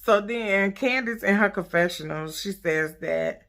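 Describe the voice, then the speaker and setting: A woman's voice: mid-range voice, a little slow, a bit bright. A woman recapping a reality show episode for her channel, with casual profane and sassy storytelling. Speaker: YouTube recap host.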